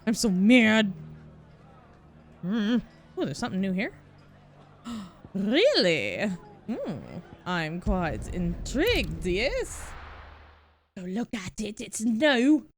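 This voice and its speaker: A woman streaming a game and commenting casually, profane and playful, with sudden loud outbursts. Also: mid-range voice, very animated, takes it slowly, long pauses, a little hiss or hum. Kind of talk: live gameplay commentary. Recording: game music underneath.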